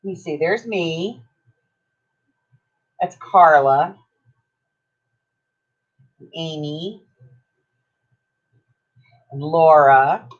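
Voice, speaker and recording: A woman's voice: sits low, drawn-out words, long pauses. Chatty older woman, dull lo-fi stream. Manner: chatty, self-mocking, laughs often. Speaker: craft livestream host. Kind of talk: casual rambling chat while crafting.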